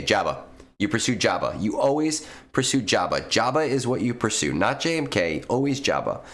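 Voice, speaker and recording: A man's voice: lowish voice, sing-song, normal speed, a bit bright. A man streaming, giving casual, blunt game advice, swearing freely and using plenty of fillers. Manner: blunt and profane, with frequent fillers.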